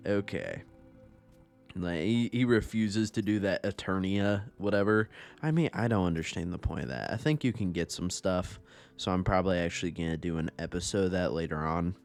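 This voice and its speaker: Deep-voiced young man casually gaming. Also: normal speed. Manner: rambling, profane, laid-back, laughs often. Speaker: gaming YouTuber. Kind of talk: casual gameplay commentary.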